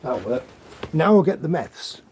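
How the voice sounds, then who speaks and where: Rambling middle-aged man, mellow voice. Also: a little high, animated, moderate pace, slight background noise. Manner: rambling, chatty, with joking asides. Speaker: off-grid living vlogger. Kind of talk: casual demonstration chat.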